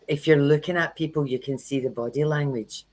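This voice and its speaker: A woman's voice: low-pitched, fairly even intonation, brisk, darkish tone, poor audio. Woman telling frank tarot stories. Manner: frank, anecdotal storytelling with acted-out quotes. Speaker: tarot reader and workshop host. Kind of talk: casual livestream chat.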